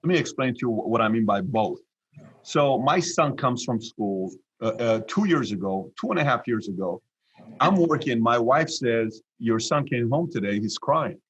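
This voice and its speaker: A man in his forties from Iran, a podcast guest telling stories in an animated, repetitive way. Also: medium pitch, moderate pace, slightly rough, lo-fi sound. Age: 40s. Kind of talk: storytelling interview talk.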